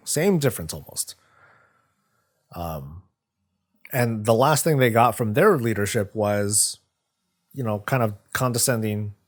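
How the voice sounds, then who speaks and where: Rambling casual male stream host. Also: mid-range voice. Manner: rambling, frequent restarts and stumbles. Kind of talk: casual live-stream commentary.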